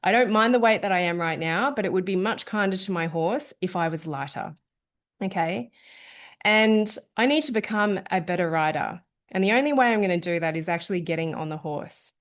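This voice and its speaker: A woman coach talking casually to an online audience, chatty, often checking in with "okay?". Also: fairly low pitch. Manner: chatty, frequent "okay?", lively quoting of herself. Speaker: wellness coach presenting an online event.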